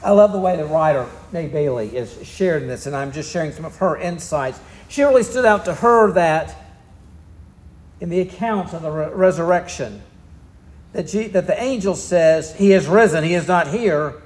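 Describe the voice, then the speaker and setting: A man's voice: a little high, animated, moderate pace, echoey room. A man with a Southern US accent preaching a sermon, telling the story in a folksy, easygoing way. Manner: folksy storytelling, drawling asides. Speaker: pastor.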